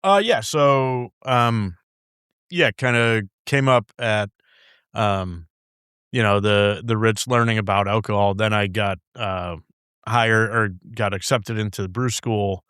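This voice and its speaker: Speaking slowly in a fairly low, smooth, slightly bright voice, a man who brews beer rambles through stories as a guest on a studio podcast. He laughs a lot, curses, and imitates his boss, all picked up by a studio mic in a dry recording.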